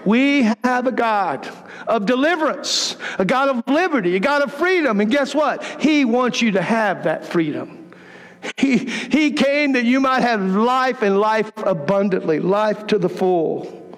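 Pastor, male, high voice, fervent sermon delivery, echoing sanctuary. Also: lively intonation, a little slow. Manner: emphatic, impassioned preaching. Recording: long hall reverb.

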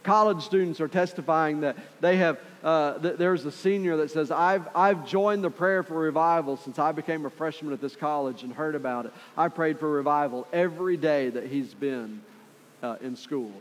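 A man's voice: fairly high pitch, moderate pace. A man preaching a sermon with passion, repeating phrases for emphasis and acting out voices from the story. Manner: impassioned, repetitive, acts out quoted voices. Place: church sanctuary. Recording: reverberant hall with faint music.

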